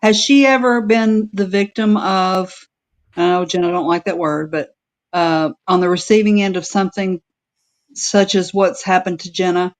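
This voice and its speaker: A woman in a casual chat, talking in an indignant, quick way. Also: mid-range voice.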